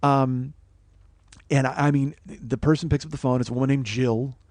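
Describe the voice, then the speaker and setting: A man's voice: medium pitch, fairly even intonation, moderate pace, darkish tone, dry recording. A man in his forties, a comedian and host, telling a comic story with profane, worked-up ranting. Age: 40s.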